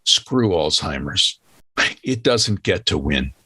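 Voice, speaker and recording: A man's voice: deep voice, sing-song, slow, sharp tone, breathy edge, dry recording. A man hosting a charity stream, talking in a heartfelt, emphatic way. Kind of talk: casual chat.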